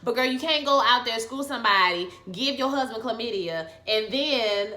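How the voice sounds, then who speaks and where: A woman's voice: on the high side, normal speed, sharp tone. A young woman giving a chatty, slangy, dramatic recap and review of a TV series. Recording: echoey room.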